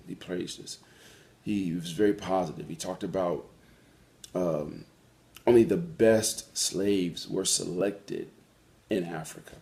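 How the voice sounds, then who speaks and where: A man with a very deep, low voice hosts a call-in show on his own. He talks earnestly and reflectively, often pausing, saying "um," and starting a phrase over before he finds it. The tone is sincere, unscripted storytelling. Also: creaky, a little mellow. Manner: earnest, reflective storytelling with frequent pauses and restarts. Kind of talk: solo monologue on a talk show.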